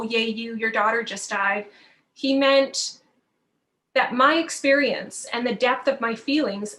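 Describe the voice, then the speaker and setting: A woman's voice: fairly high pitch, pushed and bright. A woman photographer giving a heartfelt motivational talk, earnest and emotional, close to tears and repeating phrases for emphasis. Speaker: photographer speaking at a live broadcast.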